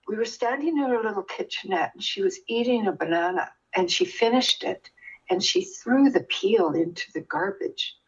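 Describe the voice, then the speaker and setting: An older woman telling an earnest personal story as a guest, with many restarts and a lively telling voice. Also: medium pitch, normal speed, husky, lo-fi sound. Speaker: guest sharing her experience.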